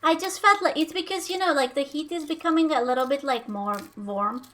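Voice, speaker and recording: A woman's voice: high-pitched, brisk, a bit bright. A young woman, chatting playfully on a live cooking stream and breaking into silly sing-song noises. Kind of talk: casual live-stream chat while cooking.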